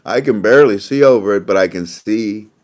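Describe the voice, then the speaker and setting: A man's voice: fairly low pitch, a little fast. Rambling, chuckling man talking casually. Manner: rambling, repeats phrases, laughs often. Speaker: host. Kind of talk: casual monologue.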